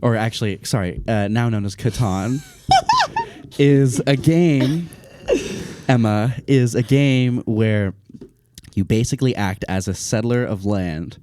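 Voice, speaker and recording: A man's voice: mid-range voice, takes it slowly, darkish tone, slight background noise. A young man hosting a podcast, explaining in a loose, rambling, profane way during a casual debate. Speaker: podcast host.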